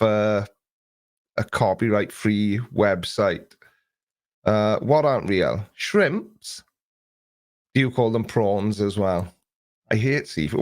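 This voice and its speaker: On a desk recording mic with no room sound, a man with a medium-pitched, slightly mellow voice hosts an early morning livestream. He greets viewers by name and rambles casually about their comments as he reads them.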